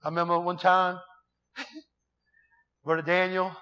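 A middle-aged man preaching a sermon in a folksy, emphatic way, reading scripture slowly and telling stories full of quoted dialogue. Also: high-pitched, little pitch movement, bright, forceful tone, clean tone.

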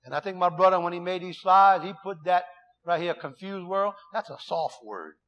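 Middle-aged man preaching, pretty high voice, folksy and emphatic, slows right down for scripture. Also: a bit bright, muffled recording. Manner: folksy and emphatic, reads scripture slowly, tells stories with quoted dialogue. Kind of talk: sermon with scripture reading and personal stories.

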